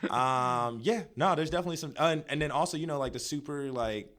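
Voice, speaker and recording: A man's voice: a little high, fast, fairly bright tone. A young man co-hosting a podcast, chatting casually and joking with lots of fillers. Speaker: podcast co-host. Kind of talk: casual chat.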